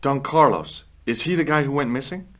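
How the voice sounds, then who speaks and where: A man's voice: medium pitch, a little fast, close to an everyday voice. An actor voicing a curious young adventurer in a video game, asking questions in a casual, dry way and narrating his story. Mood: inquisitive.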